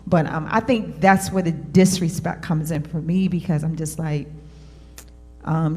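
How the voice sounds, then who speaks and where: A woman's voice: deep voice, steady tone, a little slow, mellow, in a large hall, soft background music. A woman on a church discussion panel, speaking candidly and reflectively, with frequent fillers and restarts.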